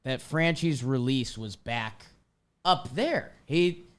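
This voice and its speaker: A man's voice: mid-range voice, animated, slow pace, clear, resonant tone. A man co-hosting a sports podcast, easygoing and ribbing his partner playfully. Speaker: podcast co-host. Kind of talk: casual sports podcast banter.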